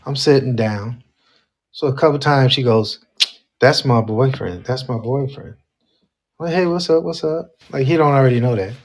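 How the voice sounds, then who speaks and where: A man's voice: medium pitch, moderate pace. A man co-hosting a casual talk show, telling a dating story and acting out the quoted lines. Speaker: co-host.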